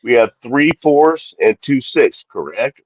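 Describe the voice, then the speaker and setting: A man's voice: medium pitch, lively intonation, a little slow, no room sound, highs cut off. A man co-hosting a podcast in casual sports chat, rambling and correcting himself with exasperated asides. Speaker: podcast co-host.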